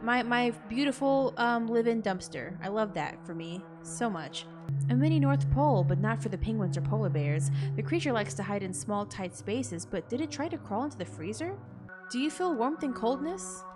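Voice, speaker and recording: A young adult woman playing a game on camera, reading its text aloud and reacting in an expressive, jokey way, with bursts of loud disbelief. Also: on the high side, normal speed, music in the background. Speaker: gaming content creator.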